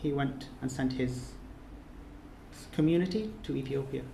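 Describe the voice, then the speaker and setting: A man's voice: medium pitch, a little slow, creaky, dark tone, slight background noise. A man giving an earnest, emotional closing speech at a course ceremony, often repeating his words for emphasis. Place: reception room in a residence. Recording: echoey room, faint ambience.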